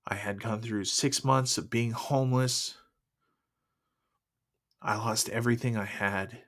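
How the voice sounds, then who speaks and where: Halting man telling a faith story. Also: mid-range voice, steady tone, a bit bright. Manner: halting, full of fillers and restarts. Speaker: podcast host sharing testimony. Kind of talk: personal testimony storytelling.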